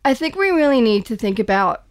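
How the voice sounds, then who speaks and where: A woman's voice: a little high, very animated, fairly quick, no room sound. Woman, podcast co-host, earnest and thoughtful, dry studio sound. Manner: earnest, thoughtful, with frequent restarts. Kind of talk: casual podcast discussion.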